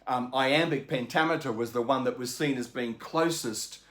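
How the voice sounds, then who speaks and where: A man's voice: medium pitch, normal speed, a bit bright. A man hosting a book channel, explaining in a chatty, enthusiastic way with lots of asides. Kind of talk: casual explanatory book talk.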